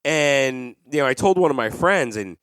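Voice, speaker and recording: A man's voice: mid-range voice, moderate pace, clean tone, dry recording, studio quality. A man in his thirties hosting a podcast, chatting casually and acting out quoted people as he tells stories. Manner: animated storyteller, acts out quoted voices. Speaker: podcast host. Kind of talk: casual interview chat.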